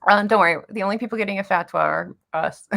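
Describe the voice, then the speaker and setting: Woman, American accent, young adult, gravelly, giggly, casual chat. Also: medium pitch, animated, moderate pace, a bit bright. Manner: giggly, joking, laughs often. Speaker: booktuber host.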